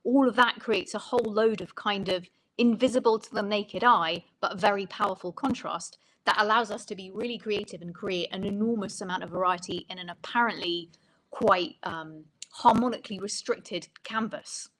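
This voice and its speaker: A woman's voice: mid-range voice, low-quality recording. Woman songwriting coach explaining patiently. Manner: thoughtful, explanatory, pauses to rephrase.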